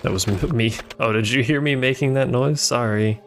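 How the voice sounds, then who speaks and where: Gravelly man rambling over gameplay. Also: mid-range voice, moderate pace, fairly bright tone, soft background music. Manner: rambling, playful asides. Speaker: game streamer. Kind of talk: casual gameplay commentary.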